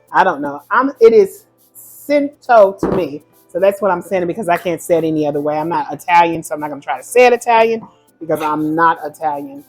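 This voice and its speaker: A woman's voice: medium pitch, poor audio. A woman hosting a casual home cooking demonstration in her kitchen, chatty and rambling, often correcting herself mid-sentence. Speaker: home cooking video host.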